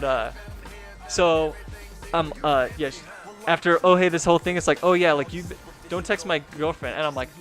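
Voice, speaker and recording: A man's voice: a little high, a bit bright. A young man telling a personal story in a casual, rambling way, full of filler words and swearing. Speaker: gaming streamer and video host.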